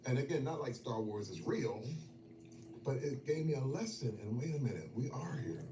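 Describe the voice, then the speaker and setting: A man's voice: expressive, moderate pace. Storytelling man in an echoey room. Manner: emotional, storytelling, swings from low murmurs to loud bursts. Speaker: guest. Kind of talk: casual chat over a meal. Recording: echoey, distant, noisy room.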